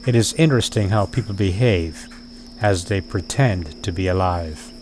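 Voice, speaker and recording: A man talking in a slow, deliberate, dryly wry way, like he's keeping a video diary. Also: deep voice, a little mellow, a little hiss or hum. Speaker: vlogger.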